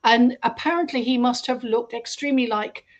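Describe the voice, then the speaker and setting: A woman, a guest on a radio show, telling a story in a lively way and acting out the quoted voices. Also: fairly high pitch, normal speed, muffled recording. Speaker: guest researcher. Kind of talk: storytelling in an interview.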